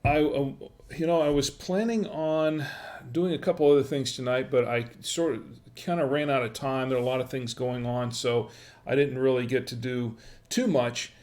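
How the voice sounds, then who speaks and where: A man hosting a casual wine livestream from home, talking straight to his viewers. He rambles in a friendly, chatty way, with plenty of "uh"s and restarts. His voice sits at an ordinary middle pitch. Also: fairly even intonation, normal speed, darkish tone. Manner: rambling, frequent fillers and restarts. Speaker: wine review livestream host. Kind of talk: casual live-stream chat.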